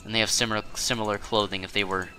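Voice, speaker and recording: A man giving casual gameplay commentary as a streamer, rambling, correcting himself and breaking into quick exclamations. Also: on the low side, little pitch movement, sharp tone, a little hiss or hum. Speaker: gaming streamer.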